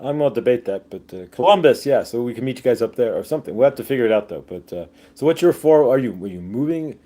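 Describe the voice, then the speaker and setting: A man's voice: mid-range voice, lively intonation, fast talker, mellow. Rambling man hosting a casual livestream. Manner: rambling, many fillers, jokey asides; reads viewer comments aloud. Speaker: livestream host.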